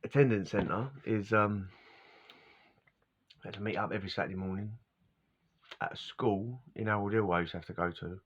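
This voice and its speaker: Middle-aged man vlogging, lowish voice, wandering casual chat, muffled lo-fi recording. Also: fairly even intonation, normal speed, pauses often, husky. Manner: casual and wandering, laughs often, loses his words. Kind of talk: rambling personal storytelling. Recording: dull lo-fi recording.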